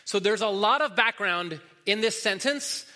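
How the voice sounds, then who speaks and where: This pastor's sermon rings with long reverb through a large hall as he teaches casually, stumbling over fillers and restarts. His high-pitched voice is bright and forceful, lively in intonation, with a measured pace.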